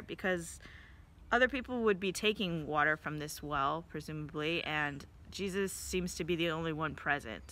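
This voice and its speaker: A woman's voice: on the low side, bright, forceful tone. A woman leading a church devotional in a casual, conversational way, often checking in with "right?". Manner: conversational, questioning, frequent "right?" and "kind of" hedging. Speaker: devotional leader. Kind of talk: informal devotional talk.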